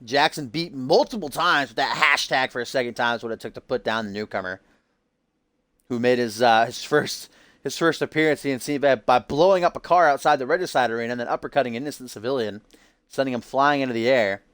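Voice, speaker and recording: A man's voice: medium pitch, brisk, fairly bright tone, no echo. A man streaming a game, giving hyped-up, loose wrestling-show commentary full of casual asides. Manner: upbeat hype, loose and casual with frequent "uh".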